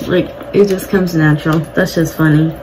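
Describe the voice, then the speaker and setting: A woman's voice: deep voice, fairly even intonation, moderate pace, noisy background. A young woman chatting casually and bluntly while doing her makeup at home, swearing now and then. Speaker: beauty vlogger. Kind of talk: casual get-ready-with-me chat. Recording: music playing behind the voice. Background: music.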